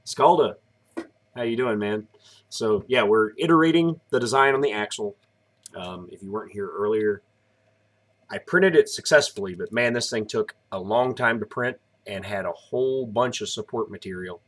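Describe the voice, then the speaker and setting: A man's voice: on the low side, moderate pace. A tired man in his thirties chatting casually on a live stream, rambling as he explains each step. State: tired, yawning.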